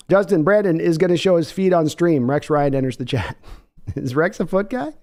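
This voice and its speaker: A man's voice: a little high, animated, normal speed, darkish tone. A man hosting a casual sports live stream, rambling and joking while answering chat questions. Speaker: podcast host.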